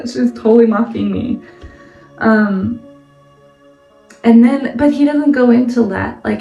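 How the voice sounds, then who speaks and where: A woman's voice: a little high, takes it slowly, gravelly, pauses often, warm tone, dull audio. A woman hosting a casual Bible study vlog, chatty and laughing as she explains, full of "like" and "right?". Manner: laughs often while explaining. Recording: echoey room, mic at a distance, faint music.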